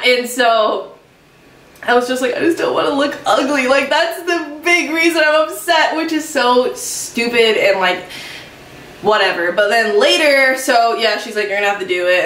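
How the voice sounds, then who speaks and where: A woman's voice: mid-range voice, fairly bright tone, roomy sound, far from the mic, a little hiss or hum. A woman in her twenties telling a casual storytime as a vlogger, rambling and self-mocking with lots of fillers. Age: 20s.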